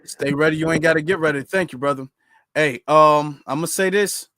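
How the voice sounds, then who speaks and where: A man's voice: on the high side, normal speed, fairly bright tone, no echo, clean studio sound. A male host gives casual commentary in an emphatic, direct way. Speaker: show host.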